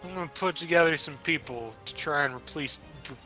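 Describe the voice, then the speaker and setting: A man's voice: on the high side, a little fast, sharp tone, soft background music. A man doing a chummy quest-giver NPC. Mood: friendly.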